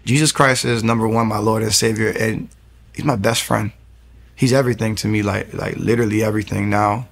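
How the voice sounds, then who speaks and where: A man in his thirties, giving an earnest faith testimony as a guest in fast storytelling with many restarts. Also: fairly low pitch, fairly even intonation, gravelly.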